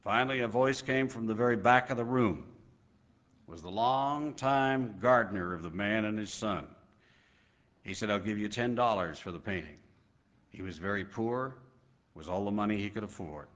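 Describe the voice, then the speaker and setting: A male preacher telling a sermon story with dramatic pauses and slow emphasis. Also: on the low side, a bit bright, lo-fi sound.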